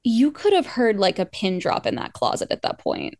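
A woman's voice: medium pitch, sing-song, moderate pace, hardly any pauses, no room sound, studio quality. A woman telling a long personal breakup story on a podcast in a casual, rambling way, with casual swearing. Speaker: podcast guest.

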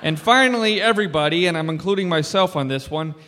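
A fed-up air traffic control boss in a live radio comedy sketch, briskly scolding his lazy staff. His voice sits fairly high for a man. It rings with long reverb from a theater stage. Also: bright, forceful tone. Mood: exasperated.

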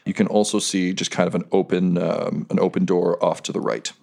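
A man's voice: low voice, flat delivery, brisk, gravelly, darkish tone. A man narrating as game master of a tabletop game, describing scenes and often laughing.

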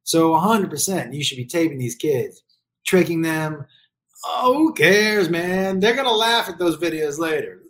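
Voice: medium pitch, expressive, measured pace. A middle-aged parent giving blunt, profane advice on raising kids in a casual comedic rant.

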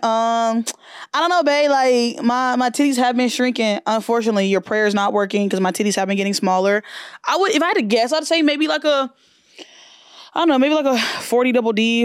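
A woman hosting her own podcast, chatting in a brash, profane, animated way. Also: on the high side, clean tone, dry recording, studio quality. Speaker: podcast host. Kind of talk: casual solo podcast chat.

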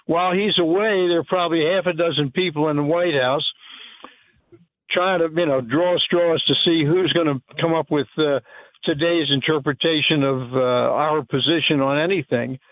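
A man calling in to a talk radio show, speaking scornfully with many halting fillers and restarts. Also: on the high side, fairly even intonation, no echo. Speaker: caller or guest on the phone. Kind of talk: opinionated talk radio commentary. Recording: tinny phone line.

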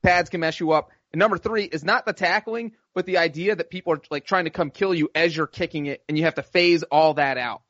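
Male co-host, slightly raised pitch, laid-back explainer, lo-fi dry mic. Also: brisk, few pauses, a bit bright, no echo. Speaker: podcast co-host. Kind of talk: casual sports chat. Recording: dull, lo-fi dry audio.

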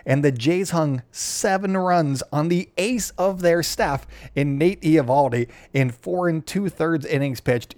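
A man's voice: medium pitch, darkish tone, no room sound. A young man hosting a sports podcast, chatting casually and sarcastically with lots of fillers. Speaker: podcast host.

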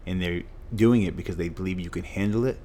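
Low and warm, his voice moves fast as he tells stories in a podcast conversation. He's a middle-aged former football player from Massachusetts appearing as a guest. Emphatic by nature, he repeats phrases for punch.

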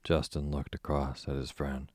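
A man calmly reading a story aloud to help listeners fall asleep. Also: a bass voice, normal speed, no echo, clean studio sound. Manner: calm, soothing reading for sleep. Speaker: narrator.

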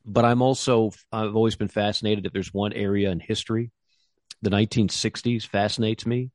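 A man co-hosting a sports podcast, rambling enthusiastically and restarting his sentences. His voice sits on the low side and sounds dry and close. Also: fairly even intonation, a little fast, no echo. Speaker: co-host. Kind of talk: casual sports podcast chat.

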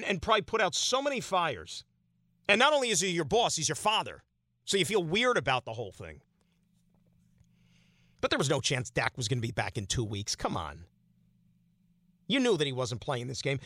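A man's voice: high voice, pushed and bright, no room sound, studio quality. A man hosting a sports talk radio show, giving an opinionated monologue full of rhetorical questions.

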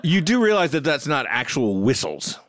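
Lively, high-pitched man co-host. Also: normal speed, crowd noise. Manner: animated, laughing, exasperated straight man. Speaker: podcast co-host. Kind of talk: comedic banter.

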